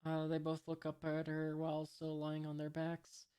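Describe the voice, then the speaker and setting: A woman reading a comic aloud in a casual way. She pauses often on filler sounds, reads out the sound effects and describes each panel. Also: low-pitched, completely flat delivery, dark tone, smooth. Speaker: reader of a comic. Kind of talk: casual comic read-along.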